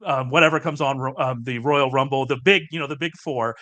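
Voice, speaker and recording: A man's voice: medium pitch, a little fast, sharp tone. A man hosting a podcast, chatting casually in an enthusiastic, talkative way. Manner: chatty, enthusiastic, laughs easily. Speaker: podcast host.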